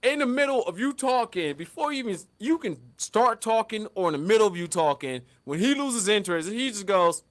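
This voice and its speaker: A man's voice: high voice, brisk, hardly any pauses. A man with a slightly raised voice holds the floor on a casual podcast. He tells stories with lots of profanity and slips into the voices of the people he quotes. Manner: animated storyteller, acts out quotes, lots of profanity. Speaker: podcast co-host.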